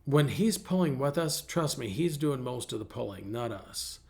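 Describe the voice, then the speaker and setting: A man's voice: medium pitch, lively intonation, moderate pace, gravelly. A middle-aged male pastor preaching a conversational sermon, telling personal stories in a folksy way with frequent restarts.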